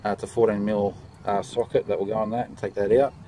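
A man giving a casual step-by-step commentary on a car repair. He talks in a relaxed way with many "uh" fillers, and his voice drops quieter while his hands are busy. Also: fairly low pitch, quick pace, slight background noise, low-quality recording. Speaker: DIY car mechanic.

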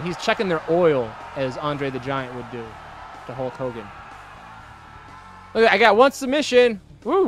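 A young man hosting a gaming video, giving excitable, jokey let's-play commentary and laughing often. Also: high-pitched. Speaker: gaming channel host.

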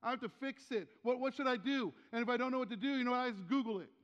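An older male pastor with a high voice preaches in a church sanctuary, where long reverb trails his words. He keeps it conversational and throws out questions to the room, repeating his key lines for weight. The sound is dull and lo-fi. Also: fast, a bit bright. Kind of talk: sermon.

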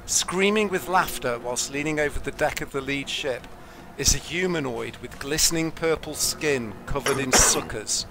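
A man narrating a tabletop game as game master, in slow atmospheric description. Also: medium pitch, heavy background noise.

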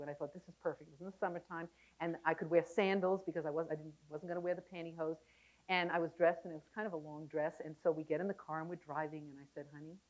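A woman's voice: medium pitch, rough recording. A middle-aged woman teaching a relationship class, chatty and anecdotal, acting out quoted lines as she goes. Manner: chatty storytelling with quoted dialogue. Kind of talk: lecture to a live class. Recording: 1990s VHS tape.

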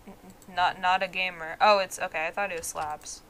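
A woman's voice: on the low side, fairly even intonation, fairly quick, background noise. A woman streaming a video game, chatting casually in a playful, goofy, self-mocking way. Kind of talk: casual gaming chat.

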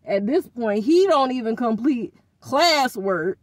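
A woman's voice: a little high, takes it slowly, dry recording, studio quality. A middle-aged woman ranting casually in a vlog, venting in exasperation about her children with informal slang. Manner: expressive, uses informal slang. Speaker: vlogger.

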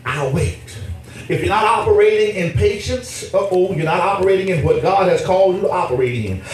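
High-voiced male preacher in an echoey church. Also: quick pace, a little hiss or hum. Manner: emphatic and folksy, with repetitions and call-and-response. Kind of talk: sermon. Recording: echoey church hall, voice from far off, music behind.

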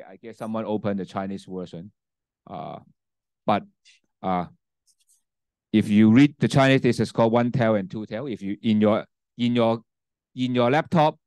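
Speaking into a handheld mic that sometimes gets set down, a male university lecturer demonstrates a spreadsheet during a class lecture. Cantonese is his first language, and he keeps asking "okay?" and "right?" while restarting sentences. His voice is mid-range and smooth, in a dry, clean studio-quality recording.

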